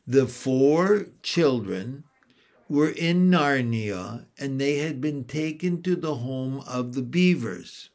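A man reading a children's book aloud in a measured storytelling manner. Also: medium pitch. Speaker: reader.

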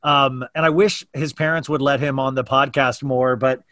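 A man's voice: medium pitch, fairly even intonation, moderate pace, bright, forceful tone, no room sound, clean studio sound. A man hosting a daily podcast, talking openly in a casual, rambling way with many restarts. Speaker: podcast host. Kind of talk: casual chat.

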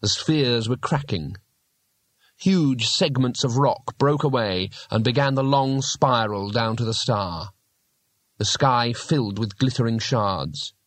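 A man's voice: mid-range voice, dry recording. Man narrating a story, dry and close. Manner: measured, storytelling. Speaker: audiobook narrator. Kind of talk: scripted narration.

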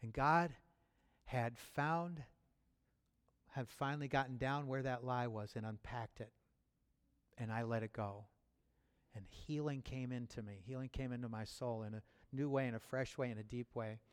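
A man's voice: mid-range voice, steady tone, moderate pace, smooth. Male pastor preaching in a reverberant hall. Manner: conversational and personal, with chuckles and restarts; builds to loud, rising fervor near the end. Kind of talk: sermon.

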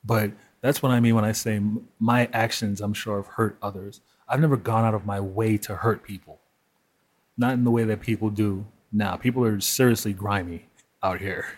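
A man's voice: on the low side, steady tone, normal speed, husky. A man hosting a solo monologue, speaking candidly and profanely and laughing between his points. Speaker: podcast host.

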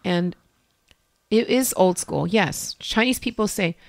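Gravelly-voiced middle-aged woman telling stories. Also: medium pitch, slow, dry recording. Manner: rambling, acts out quoted people in changed voices. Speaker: guest, mother of five. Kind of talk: candid personal storytelling.

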